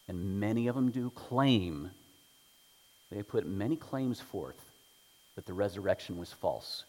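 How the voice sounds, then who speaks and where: Man preaching with sharp swings in volume, long reverb. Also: medium pitch. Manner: dynamic, swings from soft prayer to loud emphasis. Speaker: pastor. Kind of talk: Easter sermon. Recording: long reverb from a large room.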